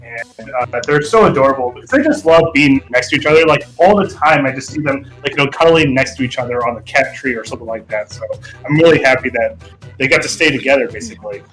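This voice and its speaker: A man's voice: mid-range voice, fast talker, a bit bright, soft background music, low-quality recording. A man in a casual livestream chat who tells a story hesitantly, with many fillers.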